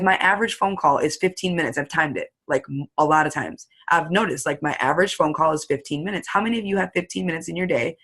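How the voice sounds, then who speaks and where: A woman giving an excited, chatty coaching talk to her sales team, acting out her phone calls as quotes. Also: fairly low pitch. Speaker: network marketing team leader.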